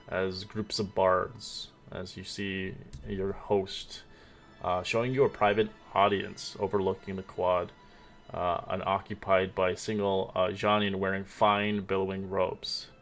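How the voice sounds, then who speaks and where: Low-voiced, rambling male game master. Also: vocal fry. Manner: rambling, many ums and restarts. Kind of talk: narrating a tabletop game.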